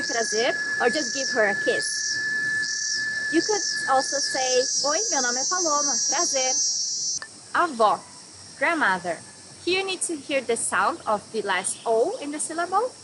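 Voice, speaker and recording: A young woman from Brazil teaching a vocabulary lesson, saying each word slowly before giving its meaning. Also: high-pitched, very noisy. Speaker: language teacher.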